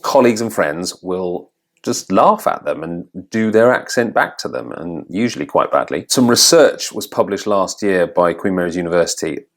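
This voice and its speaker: This is an Englishman with a fairly low voice who coaches people on their accents. He narrates his vlog in a reflective, open way and pokes fun at himself now and then. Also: animated, moderate pace. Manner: thoughtful and candid, with self-deprecating humour.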